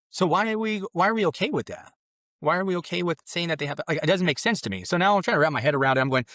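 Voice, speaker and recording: This podcast guest from Mexico speaks in an expressive, racing voice, captured in clean studio sound with no echo. Telling his conversion story, he wanders and restarts earnestly, replaying his old exclamations louder and higher-pitched.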